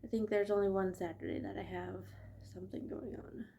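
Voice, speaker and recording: A woman's voice: mid-range voice, fairly even intonation, brisk, vocal fry, dark tone, a little hiss or hum. A woman vlogging casually about her knitting, chatty and laughing often, with a stuffy nose from allergies. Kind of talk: casual chat.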